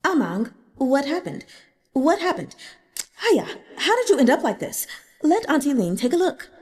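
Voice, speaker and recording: Brief: soft, patient servant woman as a reader puts her on, lively pitch, long hall echo. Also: normal speed. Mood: worried. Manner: soothing, patient. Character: kind scarred older female servant, patient and gentle.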